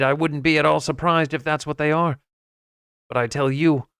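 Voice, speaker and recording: A hot-headed, burly harpooner bursts out in blustering anger, as a man voices him in a storybook reading. His voice has a rougher timbre than plain narration, yet stays clean and crisp. The sound is close and dry. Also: fairly high pitch, fairly bright tone, dry recording. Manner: blustering, angry outbursts.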